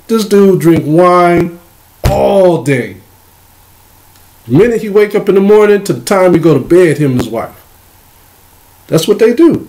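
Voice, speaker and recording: A man with a high-set, mellow, dark-toned voice teaches a religious lesson. He reads passages of scripture in a slow, measured way. Then he breaks into loose, conversational commentary. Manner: reads verses slowly, then explains in loose casual speech.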